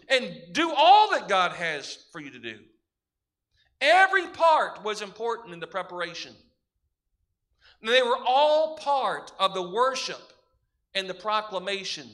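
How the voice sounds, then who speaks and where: A man's voice: high voice, a bit bright. A man preaching a sermon as pastor, emphatic, building his points through repeated parallel phrases.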